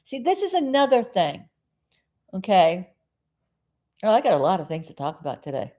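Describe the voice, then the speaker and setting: A woman's voice: mid-range voice, wildly swooping pitch, moderate pace, dark tone. A middle-aged woman from South Florida hosting a casual live stream, chatting in a meandering way and often losing her train of thought.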